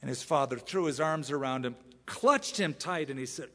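A man preaching a sermon as a pastor, animated and emphatic, repeating phrases for effect. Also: mid-range voice, normal speed, hardly any pauses. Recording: long reverb of a large church hall.

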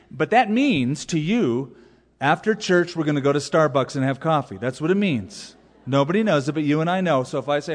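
A man's voice: a little high, lively intonation, brisk. Man preaching a sermon in a hall. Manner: emphatic, repeats key phrases. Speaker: pastor. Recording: long hall reverb.

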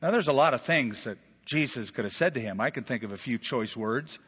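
A man's voice: medium pitch, animated, brisk, a bit bright, husky. A man preaching a sermon from America, telling stories with animation and acting out quoted voices. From United States. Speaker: pastor. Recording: dull, reverberant hall sound.

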